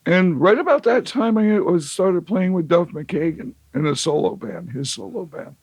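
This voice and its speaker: A man's voice: sits high, lively intonation, normal speed, a little mellow, no room sound. A man telling a long, wry, rambling story as an interview guest, with lots of fillers and restarts. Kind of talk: casual storytelling.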